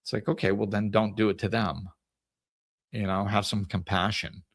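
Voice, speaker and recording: A man's voice: fairly low pitch, level tone, normal speed, vocal fry, no room sound, studio quality. A man hosting a podcast, telling stories in a casual, conversational way about spiritual life, with frequent restarts. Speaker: podcast host.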